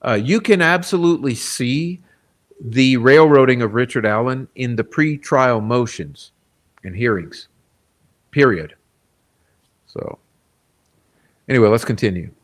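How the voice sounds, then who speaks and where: Man, mid-range pitch, live-stream commentary, blunt, emphatic, casual swearing. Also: animated, unhurried, long pauses. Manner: blunt and emphatic, often checks in with "okay?". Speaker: true crime channel host. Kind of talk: live-stream commentary reading and reacting to quotes.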